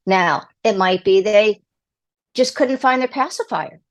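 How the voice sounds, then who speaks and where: A middle-aged woman speaks as a podcast guest, offering parenting advice with emphatic, animated delivery. She acts out the lines she quotes. Her voice sits at a medium pitch. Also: unhurried. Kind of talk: casual advice interview.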